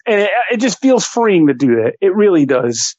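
A man with a high voice rants on a casual podcast, swearing freely and getting worked up as he talks. The sound is dry and a little dull, like a home mic. He talks loosely, with many fillers. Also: moderate pace, breathy edge, dry recording. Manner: animated, swearing, mocking voices in quotes. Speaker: podcast co-host. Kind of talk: casual ranting chat.

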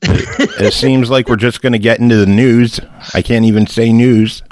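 A man's voice: mid-range voice, steady tone, normal speed, noisy background. A man hosting a casual podcast, talking with a heavy lisp through a toothless mouth and joking crudely. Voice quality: lisping, mumbled from missing teeth. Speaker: podcast host.

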